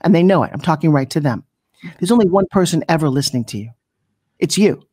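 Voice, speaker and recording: A middle-aged woman coaching people on pitching in an interview, brash and punchy, often slipping into mocking voices. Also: expressive, fast talker, mellow, slightly rough. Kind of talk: energetic motivational coaching talk.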